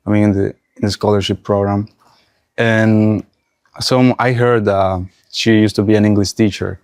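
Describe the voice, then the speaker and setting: A young man from Nicaragua speaking English with a Nicaraguan Spanish accent, a native Spanish speaker telling his story in a casual interview with halting restarts. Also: fairly low pitch, little pitch movement, darkish tone, clear, resonant tone, no echo, studio quality. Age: young adult. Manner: halting, restarts often while recalling.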